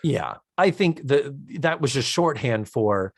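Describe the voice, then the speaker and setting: Male podcast co-host, casual and lively, swears and laughs a lot, dry close mic. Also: medium pitch, a little slow, few pauses, no echo. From United States. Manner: animated, acts out characters' lines in funny voices.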